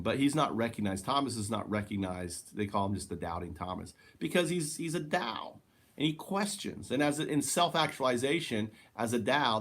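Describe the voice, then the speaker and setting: A spiritual teacher delivers a rambling monologue in a mid-range, slightly bright voice, swearing freely and correcting himself as he goes.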